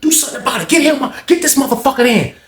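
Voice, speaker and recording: A man's voice: normal speed, a bit bright, echoey room. A man voicing a hot-headed male inmate who curses, taunts and shrieks insults. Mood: furious. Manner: shrill, profane, taunting.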